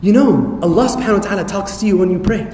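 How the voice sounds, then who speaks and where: High-voiced, fast-talking male lecturer in a hall. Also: warm tone, a little hiss or hum. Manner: rhetorical questions and playful asides. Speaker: Islamic lecturer. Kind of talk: lively religious talk to an audience. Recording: echoey hall reverb.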